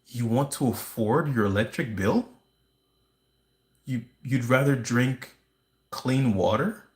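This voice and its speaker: A man's voice: mid-range voice, slow, lightly acted. Man putting on a whiny, guilt-tripping narcissist. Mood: mock-indignant. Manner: mock-pleading, indignant, sing-song. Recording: roomy echo.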